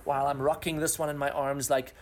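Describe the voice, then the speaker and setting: Middle-aged pastor telling a story. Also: male voice, fairly high pitch, flat delivery, a little fast. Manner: vivid storyteller with long extended metaphors. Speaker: pastor, interview guest. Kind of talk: podcast interview storytelling.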